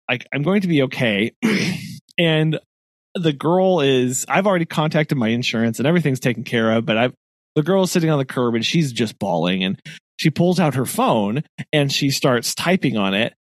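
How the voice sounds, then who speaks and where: A man's voice: mid-range voice, lively intonation, normal speed, no room sound. A man tells a story on a casual podcast, his voice rising and falling freely. He laughs often and acts out the people he talks about. The sound is close and dry. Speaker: podcast co-host.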